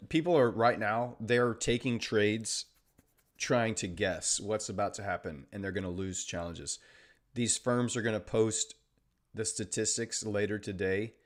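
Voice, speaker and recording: A man hosting a trading livestream, chatting casually and sarcastically with viewers and reading out their comments. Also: lowish voice. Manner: joking, sarcastic, reads chat aloud. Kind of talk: casual live-stream chat with viewers.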